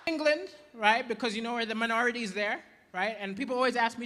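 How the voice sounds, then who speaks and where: A man from Malawi doing stand-up comedy, telling stories with animated, punchy delivery. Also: very high voice, quick pace, in a large hall.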